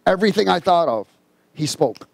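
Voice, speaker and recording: A man delivers a sermon in a casual, folksy storytelling manner, slowing down to read scripture with emphasis. His voice sits somewhat high for a man. The sound is dry and close, with no room echo. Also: expressive, creaky. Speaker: preacher.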